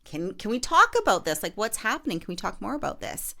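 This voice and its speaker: A woman's voice: mid-range voice, sing-song, a little fast, creaky, bright, forceful tone. A woman podcast host and realtor telling a story in casual chat, full of fillers and restarts. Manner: chatty, lots of fillers and restarts.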